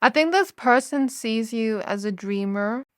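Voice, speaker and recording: A woman giving a gentle, intuitive tarot reading to her viewers, now and then laughing softly and correcting herself as she goes. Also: a little high, expressive, measured pace, no echo, studio quality. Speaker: tarot reader. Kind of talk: soft spoken tarot reading.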